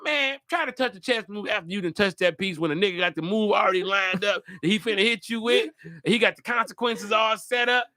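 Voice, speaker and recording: A man hosting a live podcast, talking casually with animated, profane energy. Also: high voice, fairly quick, no echo. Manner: animated, profane, jumps into loud put-on voices. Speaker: comedian and podcast host.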